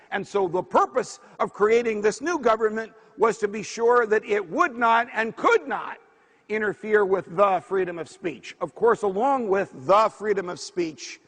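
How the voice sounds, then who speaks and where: High-voiced guy giving an emphatic speech, long hall reverb. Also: a bit bright. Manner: emphatic, rhetorical lecturing. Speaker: speaker. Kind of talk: political speech.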